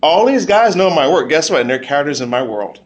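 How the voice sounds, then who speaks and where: A man speaking on a convention panel as a comic book creator, blunt and animated, often repeating his words. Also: on the high side, fairly quick. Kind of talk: casual panel talk.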